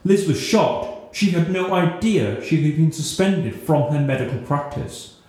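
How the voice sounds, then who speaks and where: A man narrating a scripted story in a steady, newsreader-like reading, in a very echoey room. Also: a little high, measured pace.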